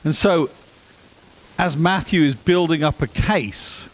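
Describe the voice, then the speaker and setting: A man delivering a sermon, animated and emphatic, with dry self-deprecating humor. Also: on the high side, slow pace, rough recording. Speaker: preacher.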